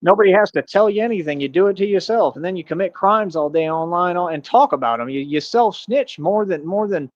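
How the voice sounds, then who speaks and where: Man, livestream rant, boastful, mocking, rambling, slightly high voice. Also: expressive, a little fast, hardly any pauses, no room sound, lo-fi sound. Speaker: streamer.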